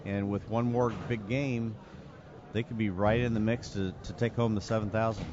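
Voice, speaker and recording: A man's voice: on the low side, moderate pace, crowd noise. A man doing live bowling commentary, joking with his co-hosts and reading out the standings. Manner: joking, reads standings in a steady list. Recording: dull broadcast audio with noise.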